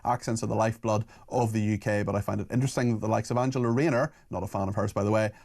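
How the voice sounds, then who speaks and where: A man hosting a talk radio phone-in, chatting with callers and reading out listener messages in a brisk, chatty way. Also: on the low side, steady tone, darkish tone.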